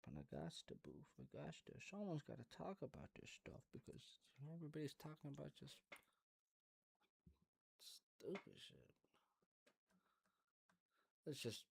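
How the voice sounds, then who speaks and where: A man's voice: a little high, wildly swooping pitch, quick pace, vocal fry, darkish tone, breathy edge. Rambling, profane male podcast host. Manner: rambling, profane, talks to his dog. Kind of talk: casual rambling monologue.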